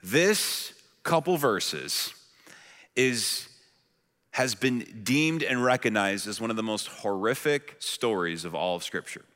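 A man preaching a sermon as a pastor, animated and storytelling, his voice rising loud when he acts out questions. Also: fairly low pitch, slow, in a large hall.

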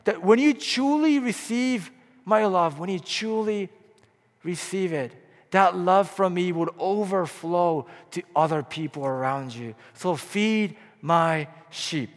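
A man preaching a sermon as pastor, impassioned, swinging between hushed, low passages and loud, rising appeals. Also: slow pace. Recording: long hall reverb.

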